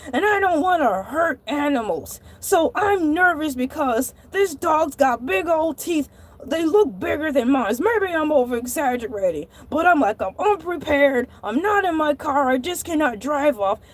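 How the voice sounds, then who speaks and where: A woman playing Hercules, a shrill dramatic shark. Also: lively intonation, a little slow. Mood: annoyed. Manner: dramatic, exasperated, bursts into shouting. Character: excitable male cartoon shark who walks on land. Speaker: show host. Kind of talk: comic monologue storytelling.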